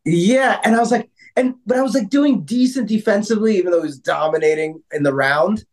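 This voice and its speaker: A man co-hosting a casual podcast, telling stories in an animated way with lots of fillers and some swearing. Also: sits high, fairly quick. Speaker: podcast co-host. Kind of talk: casual chat.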